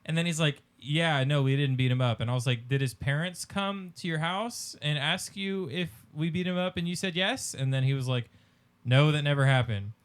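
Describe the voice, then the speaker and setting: A young man hosting a podcast, telling a childhood story in casual chat with lots of ums and pauses. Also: on the high side, clean tone. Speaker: podcast host.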